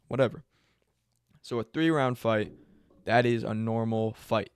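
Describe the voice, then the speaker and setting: A man's voice: mid-range voice, measured pace, pauses often, clear, resonant tone, no room sound. A man explaining a sport casually, rambling and often correcting himself mid-sentence. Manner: rambling, self-correcting, filler-heavy. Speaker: MMA video host.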